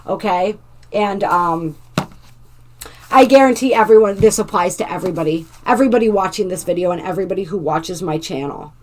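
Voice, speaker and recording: Gentle woman reading oracle cards. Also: medium pitch, brisk. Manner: gentle, reads card text aloud with asides to viewers. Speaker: oracle card reader. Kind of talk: spiritual oracle card reading.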